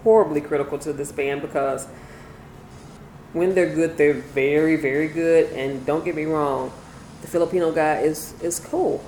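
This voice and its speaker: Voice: mid-range voice, steady tone, moderate pace, a little mellow, roomy sound, slight background noise, rough recording. A guest in a casual chat, blunt and opinionated.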